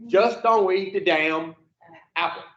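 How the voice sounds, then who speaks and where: A blunt, plain-spoken God lays down the rules in a folksy story, as a man puts him on. The voice is fairly high and slow, heard in an echoey room. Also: dull audio. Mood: stern. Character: stern commanding male God.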